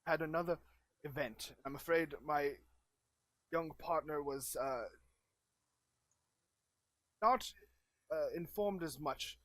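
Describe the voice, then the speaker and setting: A man voicing a formal, fretful old male wizard in a tabletop role-play, speaking in a stiff, halting way. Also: a little high, fairly bright tone, dry recording. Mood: grave.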